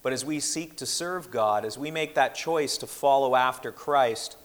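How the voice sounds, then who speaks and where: Earnest preacher in a reverberant hall. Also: male voice, medium pitch. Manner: earnest, measured, with slowed emphatic quotations. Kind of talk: sermon.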